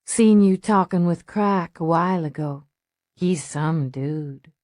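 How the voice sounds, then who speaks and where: A strung-out albino street junkie drifts through her words in a slow, dreamy sing-song, as a woman narrator puts her on. The voice sits fairly low and the audiobook sound is dry and close. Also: darkish tone, no room sound. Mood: drawling, evasive. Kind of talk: audiobook character voice.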